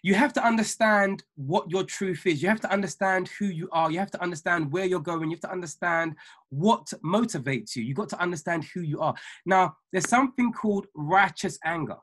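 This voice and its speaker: A man who is an ordained minister, giving a motivational talk on a weekly video call, preachy and emphatic, repeating key lines slowly for notes. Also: high-pitched, a bit bright. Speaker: ordained minister and trading mentor.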